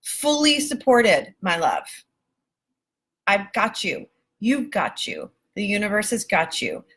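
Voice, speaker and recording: A woman life coach talks live to her viewers in a mid-range voice, speaking slowly but very animatedly. She's warm and emphatic, calling them "baby" and "my love" and swearing casually throughout her live-stream coaching.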